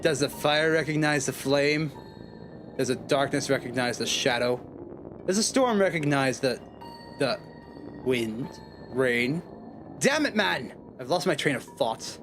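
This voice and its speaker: A man's voice: mid-range voice, animated, measured pace, long pauses, music in the background, voice pushed down, close to an everyday voice. A man voicing a gloomy doppelganger agent in a game, making grave, melodramatic pronouncements. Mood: ominous.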